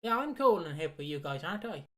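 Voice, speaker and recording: A woman puts on an out-of-touch older male boss, groping for slang to seem hip. The voice sits fairly low and plain, with no great disguise. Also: very animated, fast. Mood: pandering. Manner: fumbling, trying too hard to sound hip.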